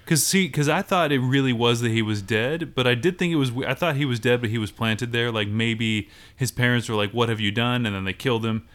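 A man's voice: medium pitch, brisk, hardly any pauses, fairly bright tone. A man co-hosting a podcast in casual chat, rambling with lots of fillers and jokes. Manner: joking, rambling, filler-heavy. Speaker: podcast co-host.

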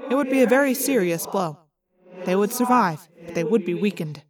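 A woman voicing a stubborn, formal alien warrior in an audiobook, with measured phrasing. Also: mid-range voice, expressive, a crowd in the background, lightly acted. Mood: explaining. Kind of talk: audiobook character voice.

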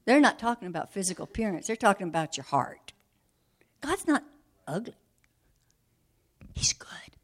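A woman's voice: a little high, sing-song, normal speed, pauses often. Whispering woman preacher. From southern United States. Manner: swings between hushed whispers and forceful emphatic declarations. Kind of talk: sermon.

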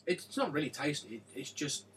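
A man's voice: on the high side, big pitch swings, moderate pace, fairly bright tone. A man as a guest on a casual gaming podcast, laid-back with brief replies. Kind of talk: casual chat. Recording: distant mic, faint background noise.

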